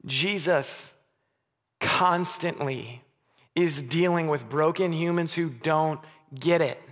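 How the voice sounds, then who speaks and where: A man in his thirties preaches a sermon with earnest conviction. He restarts his phrases often and sinks soft and quiet on the words that matter most. His slightly high voice rings out with a long reverb through a church hall. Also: slow pace. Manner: earnest, stammers on restarts, drops softly on key words. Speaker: pastor.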